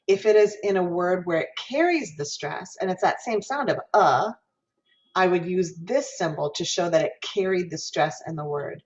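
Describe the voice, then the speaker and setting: A woman's voice: on the low side, highs cut off. A woman professor giving a lecture on singing diction, explaining patiently, demonstrating vowel sounds aloud and asking the class questions. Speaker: music education professor.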